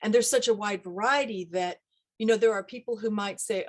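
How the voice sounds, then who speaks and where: A woman dialect coach talking casually in an interview, animated and acting out little quoted voices as she explains. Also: mid-range voice, fairly quick. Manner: animated, acts out quoted voices, laughs often.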